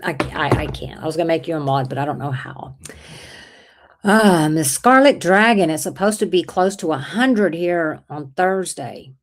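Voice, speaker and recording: A woman hosting a casual livestream, chatting with viewers, with an irritated throat she keeps clearing. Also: deep voice, lively intonation, normal speed. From Texas. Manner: chatty, rambling, reads out viewer comments. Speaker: livestream host.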